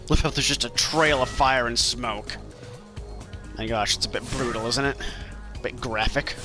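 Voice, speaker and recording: With music playing behind him, the Maine commentator jokes his way through the game and talks to the characters in it. His mid-range voice moves a little slowly, broken by long pauses.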